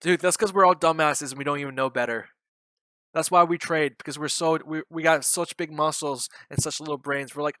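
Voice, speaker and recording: A young man giving loud, joking live commentary on his day trades, bantering and swearing with his chat. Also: on the high side, steady tone, fairly quick, dry recording. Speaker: day trading streamer.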